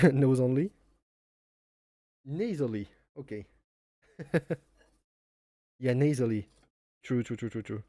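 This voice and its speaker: A man's voice: medium pitch, lively intonation, slow pace, pauses often, dark tone. A man from France with a French accent and a nasal voice, chatting casually on a cooking live stream. He rambles and jokes about himself. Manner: rambling, joking, chuckles often, speaks non-native English. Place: home kitchen.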